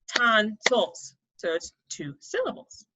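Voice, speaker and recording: Over a noisy background, a young woman with a fairly high voice and lively intonation coaches kids through an online poetry lesson at a moderate pace. She's encouraging, explains each step, and checks in often with "right?" and "okay?" The recording has a dull, lo-fi sound.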